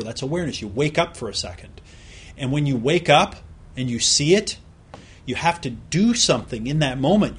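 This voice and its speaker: A man's voice: medium pitch, slightly rough. A man teaching a recorded self-help course on productivity, explaining in a conversational way with examples and questions put straight to the listener.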